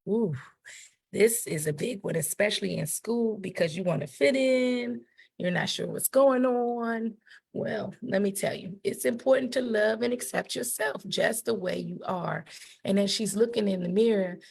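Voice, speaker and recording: A middle-aged woman teaching about puberty in an animated, encouraging way, often acting out what kids say. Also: medium pitch, creaky, husky. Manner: animated, encouraging, acts out quotes. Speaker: educator presenting a puberty book. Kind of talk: teaching talk to parents and kids.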